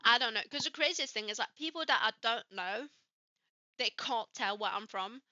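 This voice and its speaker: Bright, animated Swiss French woman. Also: on the high side, moderate pace, no room sound, muffled recording. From Switzerland. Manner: animated, swearing, acts out quoted people. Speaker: podcast co-host. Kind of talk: casual chat.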